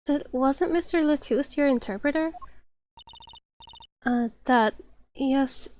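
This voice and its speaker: A woman voicing a calm, politely formal woman singer in a game reading. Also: high voice. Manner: gentle, formal, measured.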